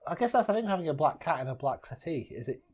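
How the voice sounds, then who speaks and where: A man's voice: a little high, big pitch swings, fast, darkish tone. A man co-hosting a casual movie commentary, blunt, dry and grumbling. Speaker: co-host of a film commentary.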